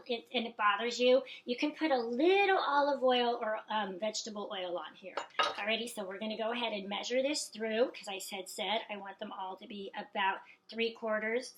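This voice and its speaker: A middle-aged woman with a slightly high voice teaches a hands-on cooking demonstration. She talks in a chatty, folksy way and keeps checking in with her class. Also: a bit bright, slight background noise, low-quality recording. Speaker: cooking instructor.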